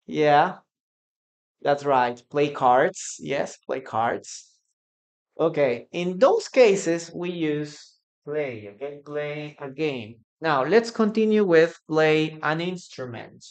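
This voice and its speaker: Slow, patient Peruvian-accented male teacher. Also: a little high, animated. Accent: Peruvian Spanish. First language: Spanish. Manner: repeats phrases slowly for practice, answers viewers' comments. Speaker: English teacher. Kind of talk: live online English lesson.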